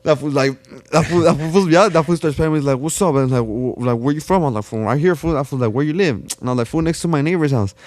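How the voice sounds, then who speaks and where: Fast-talking Los man telling stories. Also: fairly high pitch, a little mellow, dry recording. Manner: slangy, profane, repeats "fool" and restarts. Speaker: podcast guest. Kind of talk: casual storytelling.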